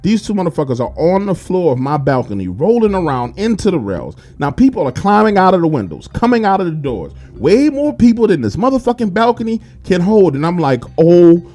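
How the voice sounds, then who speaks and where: A man telling a wild story in a casual, animated way, swearing constantly. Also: high voice, brisk, few pauses, faint music behind. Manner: animated, heavily profane.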